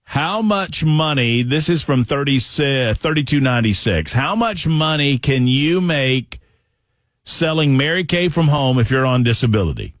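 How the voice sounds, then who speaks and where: A man's voice: medium pitch, animated, measured pace, dry recording. A man with a Southern accent hosting a call-in radio show, jovial as he reads out listener questions. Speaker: radio talk show host. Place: radio studio.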